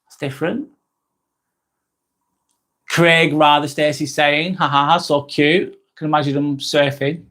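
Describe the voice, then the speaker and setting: A man's voice: a little high, steady tone, measured pace, pauses often, fairly bright tone. An English man hosting a live vlog, reading out chat comments in a casual, rambling way with repeats and fillers. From England. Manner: rambling, repeats himself, frequent ums.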